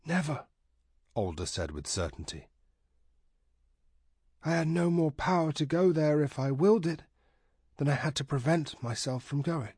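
A man voicing an earnest, thoughtful male sorcerer who speaks sincerely, a little higher than the narration. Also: expressive, moderate pace, long pauses, darkish tone, breathy edge, no echo, clean studio sound.

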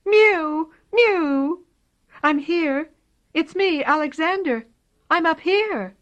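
A woman's voice: a little high, animated, a little slow, fairly bright tone, voice pushed up. A woman voicing a small, frightened young male kitten in a storybook, with a thin, shaky, pleading voice. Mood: crying for help. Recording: dull lo-fi recording.

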